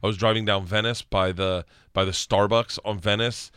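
A middle-aged man telling a comic story on a podcast, loud and laughing, acting out the voices of the people in it. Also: lowish voice, steady tone, normal speed, clean tone, dry recording, studio quality. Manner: loud, laughing, acts out voices in his stories. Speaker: stand-up comedian guest.

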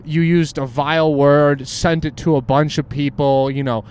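A man's voice: a little high, normal speed, smooth. A man in casual podcast chat, reacting to a friend's story and adding his own view. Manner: relaxed, reacting and backing the story.

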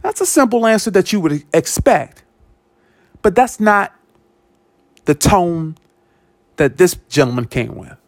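Animated man telling a story, dry sound. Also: high voice, measured pace, pauses often, no echo. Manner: animated, repeats words, acts out quoted speech. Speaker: podcast host. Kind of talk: personal storytelling monologue.

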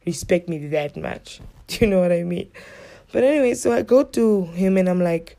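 A woman's voice: lowish voice, normal speed. A woman telling stories to her viewers in a casual, blunt rant, swearing freely and acting out what people said. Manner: blunt, heavy swearing, animated retelling. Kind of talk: casual storytelling rant to camera.

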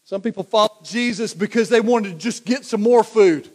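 Man, pastor, high-pitched, sermon, conversational and emphatic. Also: moderate pace, a little mellow. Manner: conversational, building to emphatic repetition.

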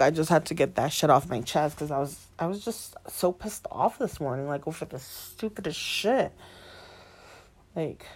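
A woman of twenty-nine, a single mother, venting in a defiant monologue full of swearing and repetition, slipping between English and Spanish. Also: deep voice. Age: 20s. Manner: heavy swearing, defiant, repeats herself.

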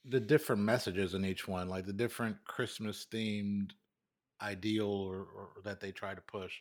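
A man's voice: fairly low pitch, steady tone, moderate pace. A young man co-hosting a podcast, chatting loosely, laughing and swearing freely. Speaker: podcast co-host. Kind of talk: casual chat.

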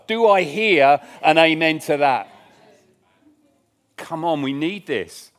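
A man's voice: on the high side, lively intonation, slow, pauses often, fairly bright tone. A man preaching a sermon in church, earnest and emphatic, repeating his key lines. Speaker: pastor.

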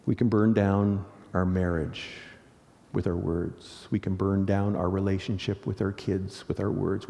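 A middle-aged pastor with a fairly low, creaky voice preaches a sermon, earnest and animated. He often poses rhetorical questions to the congregation, and the recording carries long hall reverb.

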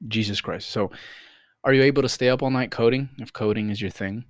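A young man co-hosting a podcast, chatting casually, swearing a lot, and putting on quick voices when he tells a story. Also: medium pitch, no echo, studio quality. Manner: animated, swearing, puts on voices for the cat. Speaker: podcast co-host. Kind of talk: casual chat.

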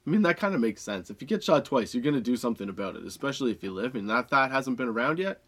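A young adult man, high and laughing often, reading odd facts and ranting with a lot of swearing. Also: sing-song, fast, a bit bright. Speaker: podcast host. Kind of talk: casual stoned rant.

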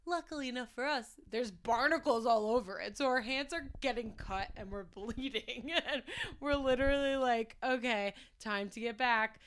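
A woman co-hosting a casual chat, telling animated stories and swearing freely. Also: fairly high pitch, normal speed, hardly any pauses. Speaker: podcast co-host.

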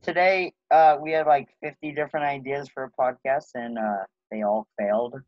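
A man's voice: mid-range voice, steady tone, moderate pace, no room sound. A young man co-hosting a casual podcast, talking hesitantly with many fillers. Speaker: podcast co-host. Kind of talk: casual chat. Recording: dull lo-fi recording.

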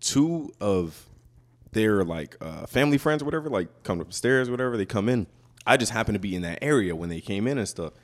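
A man's voice: on the low side, lively intonation, fairly quick. A young man from Brooklyn, chatting casually on a podcast and telling stories in a loose, profane way. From Brooklyn, New York.

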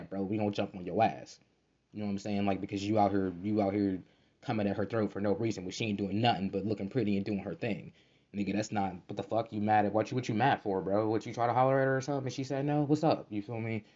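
A man's voice: lowish voice, a little mellow, highs cut off. A man hosting a casual solo podcast, talking in a fired-up, profane, streetwise way with lots of fillers, recorded at home at night. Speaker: podcast host. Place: bedroom at night, roommate asleep.

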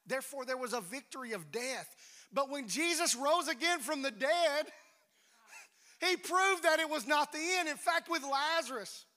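A man preaching a sermon, emphatic, swinging between loud declarations and hushed near-whispers. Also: extremely high pitch, normal speed. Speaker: pastor. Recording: reverberant hall.

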